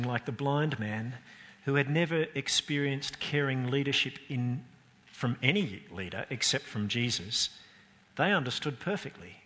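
A man's voice: mid-range voice, sharp tone. A man preaching a sermon, earnest and emphatic, his voice climbing and dropping to stress points. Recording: long hall reverb.

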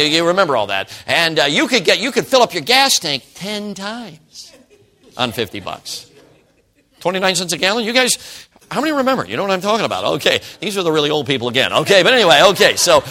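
Bright-voiced pastor preaching a sermon. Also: male voice, medium pitch. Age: 60s. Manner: dynamic, swings from loud to hushed whispers. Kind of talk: sermon storytelling.

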